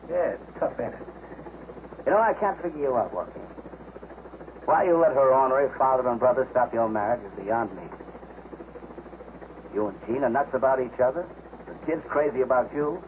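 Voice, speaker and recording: A man's voice: mid-range voice, moderate pace, long pauses, close to an everyday voice. Guy doing a joking sailor buddy, tinny hissy old movie. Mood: teasing. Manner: wisecracking. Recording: scratchy old film soundtrack.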